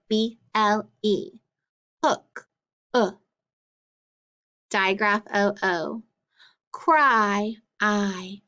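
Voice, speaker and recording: A woman teaching a phonics drill, slowly and clearly sounding out letters and blends, with frequent encouraging praise. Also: medium pitch, sharp tone, lo-fi sound.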